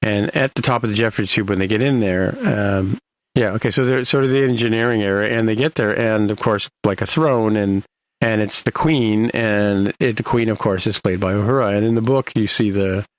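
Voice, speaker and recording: A man hosting a podcast, recapping an episode in a rambling, halting way with many restarts. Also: on the low side, rough recording. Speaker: podcast host.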